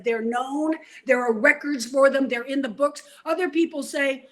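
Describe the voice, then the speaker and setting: An older woman from New York, telling her story as an interview guest in a lively, vivid way. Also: high voice, moderate pace, hardly any pauses.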